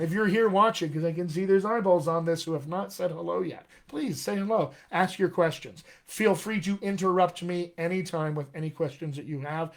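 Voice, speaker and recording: A man teaching accents and vowels as a dialect coach in a live online lesson, explaining patiently and often checking in with "all right?". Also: fairly high pitch.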